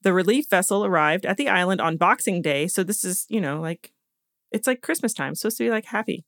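The co-host telling the story speaks a little fast in a fairly low, fairly bright voice, full of expression. She retells it casually, laughing a lot and fumbling names. Her podcast studio mic captures clean sound without echo.

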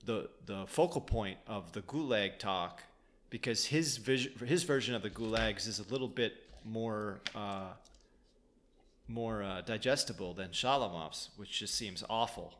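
A man's voice: lowish voice, unhurried, fairly bright tone, slight background noise. Male co-host, loose rambling storyteller, swears freely, stumbles and restarts. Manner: rambling, many restarts, profane. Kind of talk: casual chat, storytelling.

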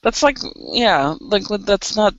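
A woman co-hosting a casual podcast chat, talking in an animated way with laughs and exasperated asides. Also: medium pitch, measured pace, dry recording, lo-fi sound. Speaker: podcast co-host.

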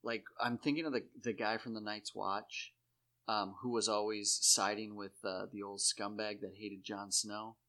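A man talking in rambling, profane casual chat, jumping into high put-on voices to act out scenes. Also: moderate pace. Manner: animated, acts out characters in high put-on voices. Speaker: podcast co-host.

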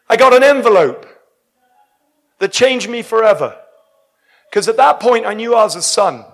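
A man preaching a sermon full of stories, exuberant and breaking into shouts at high points. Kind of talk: sermon with storytelling.

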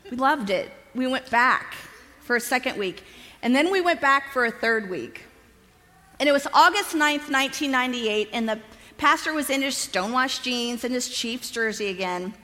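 A woman in her fifties tells her personal testimony to a conference crowd, bringing the story to life by acting out what everyone said. Her voice is bright and a little high. It rings with the long reverb of a large hall. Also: moderate pace. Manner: lively storyteller who acts out quoted dialogue, often laughing. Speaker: conference speaker.

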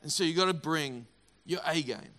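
High, bright-voiced pastor. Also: male voice, moderate pace. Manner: energetic, emphatic, repeats words. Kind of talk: sermon.

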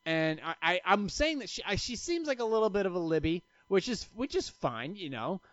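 A man's voice: sits high, big pitch swings, normal speed, a bit bright, no room sound. Rambling, profane man hosting a podcast. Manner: rambling, profane, self-interrupting storyteller. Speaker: podcast host. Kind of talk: casual solo podcast chat. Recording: dry, slightly dull lo-fi sound.

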